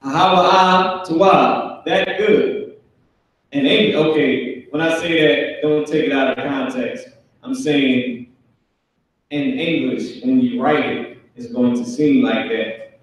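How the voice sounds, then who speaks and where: A man's voice: medium pitch, slow, pauses often. A man teaching a live online class in an emphatic, repetitive way, stretching out his example phrases. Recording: echoey room, far from mic.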